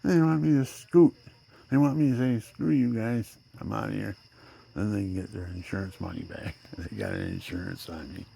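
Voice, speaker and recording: A man in his seventies talking in a rambling personal monologue, drifting between loud outbursts and near-whispers. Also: low-pitched, big pitch swings, a little fast, creaky, breathy edge. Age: 70s. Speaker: vlogger.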